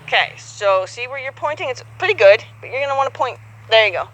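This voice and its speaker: High, bright-voiced riding instructor woman. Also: animated, quick pace, low-quality recording. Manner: patient, encouraging, acts out horse and rider. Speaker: horsemanship instructor. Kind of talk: hands-on coaching.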